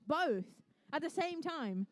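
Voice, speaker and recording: Kiwi woman calling a live comp, high voice, bubbly and jokey, dry close sound. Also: sing-song, slow pace, no room sound. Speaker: event commentator and MC. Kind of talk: live competition commentary with playful banter.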